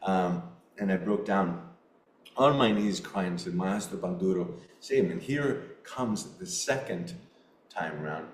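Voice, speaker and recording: Earnest low-voiced man telling a story. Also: expressive, a little hiss or hum. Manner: earnest, halting storyteller with frequent restarts. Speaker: podcast guest. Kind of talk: storytelling in a casual interview. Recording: roomy echo.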